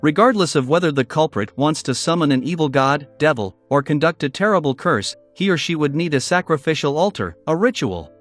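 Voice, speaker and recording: A man's voice: a little high, animated, fairly quick, few pauses, soft background music, natural voice. A male narrator voicing a confident, teasing young male investigator in an audiobook, with an easygoing, playful manner.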